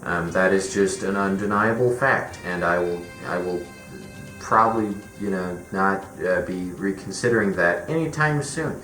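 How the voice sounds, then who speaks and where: A man's voice: low voice, moderate pace, bright, forceful tone, faint music behind. A man giving a rambling, opinionated movie review, full of fillers and swearing. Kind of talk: casual spoken movie review. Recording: roomy echo with faint background noise.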